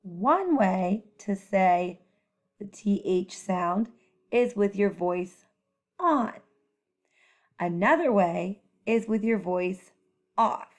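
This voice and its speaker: A woman teacher giving a children's phonics lesson, speaking clearly and encouragingly as she models letter sounds. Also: on the high side, darkish tone.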